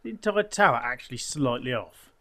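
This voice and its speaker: A man chats casually over his own gameplay, often half-muttering to himself and quietly counting things off. His voice swings animatedly up and down, with a gravelly edge and a bright, forceful tone. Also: medium pitch, expressive, brisk. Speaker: gaming channel host.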